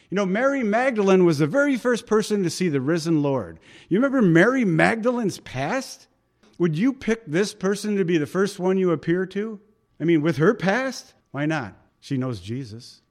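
A man preaching a sermon as pastor, lively and conversational, acting out quotes and laughing along. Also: a little high.

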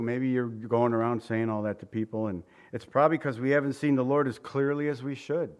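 A male pastor preaching an expository sermon in a conversational, animated way, often asking his listeners questions. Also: medium pitch, moderate pace, few pauses.

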